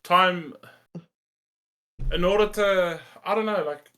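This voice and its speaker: A man's voice: high voice, slow pace, sharp tone, clean tone. A man, a music producer, talking casually and modestly about his process, hesitating with lots of fillers. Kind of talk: casual chat.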